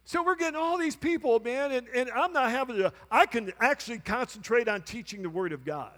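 A male pastor with a very high, fairly bright voice preaches in a church sanctuary that sounds like a large hall. He acts out both halves of a conversation in his story and calls out to the congregation.

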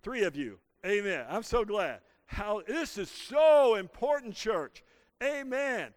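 High-voiced preaching pastor, man. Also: very animated, slow pace, no echo. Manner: preaching with call-and-response to the congregation. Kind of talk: sermon. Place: church.

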